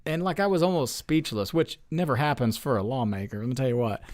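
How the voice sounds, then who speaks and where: A man in his forties talks as an interview guest, earnest and chatty, with a medium-pitched, everyday voice. He tells long stories, circling back with plenty of "you know"s and restarts. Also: animated, fast, a little mellow. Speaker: state lawmaker as guest. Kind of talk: casual storytelling interview.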